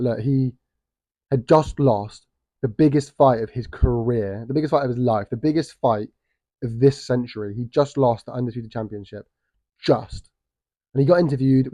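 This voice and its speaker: A man's voice: medium pitch, warm tone, no room sound. A man giving casual, blunt vlog commentary on boxing, swearing freely and repeating phrases for emphasis. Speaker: boxing YouTuber.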